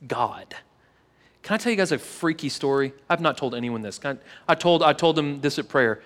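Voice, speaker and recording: A man preaching a casual, earnest sermon to a live church service, telling a personal story and then leading a hushed prayer with many repeated words. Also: fairly high pitch, animated, fast talker, in a large hall. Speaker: pastor.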